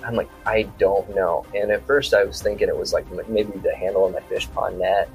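A man's voice: fairly low pitch, fairly even intonation, a little fast, few pauses, faint music behind, poor audio. A man from South Dakota, a podcast guest, telling a story in a casual, rambling way full of quoted back-and-forth dialogue.

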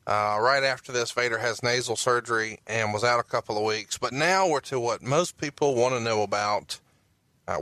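A man's voice: medium pitch, fairly bright tone, no echo. A man co-hosting a podcast in a casual chat, pressing his guest with joking, pushy questions. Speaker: podcast co-host.

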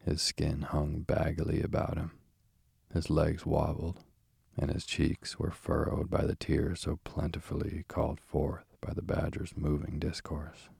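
A man reads a storybook aloud to lull listeners to sleep, slow and calm. His voice is very deep, husky and gravelly, with a flat, even lilt and no room echo. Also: studio quality. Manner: slow, calm, unhurried delivery. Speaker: narrator. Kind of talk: soothing bedtime storybook reading.

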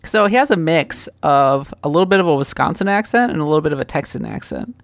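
A woman's voice: low voice, very animated, quick pace, no echo. A woman from Minnesota co-hosting a casual podcast chat, wry and opinionated with a teasing edge. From Minnesota, USA. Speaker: podcast co-host.

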